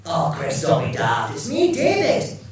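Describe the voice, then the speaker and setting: A man's voice: fairly high pitch, wildly swooping pitch, a little slow, crowd noise. A man doing a self-important celebrity actor, all chummy familiarity, whose voice swings widely up and down. He sounds distant, in a reverberant live hall. The audience can be heard behind him. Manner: chummy, then wounded and petulant. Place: live stage show in a large hall. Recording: echoey live hall, mic from afar.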